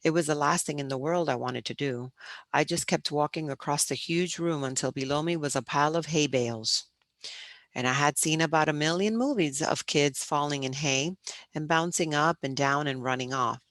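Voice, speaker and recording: A woman teacher reading a children's novel aloud, expressive and stumbling over words now and then. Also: sits low, normal speed, dry recording. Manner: expressive, with frequent restarts. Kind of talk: storybook read-aloud.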